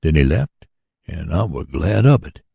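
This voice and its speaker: A man's voice: very deep voice, sing-song, unhurried, vocal fry, warm tone, breathy edge, no echo, studio quality, full character voice. A man voicing a folksy, earnest older man who runs a mule-powered sawmill, in a storybook reading.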